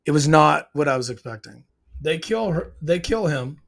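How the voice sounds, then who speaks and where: A man's voice: on the high side, expressive, moderate pace, gravelly. A man casually breaking down a TV scene, emotional and hesitant, restarting his sentences often. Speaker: show reviewer.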